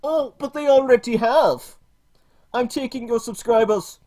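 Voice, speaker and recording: A man's voice: very high voice, measured pace, a little mellow, voice pushed up. A man voicing a smug, self-important woman video maker who speaks in grand, theatrical villain speeches. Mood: gloating.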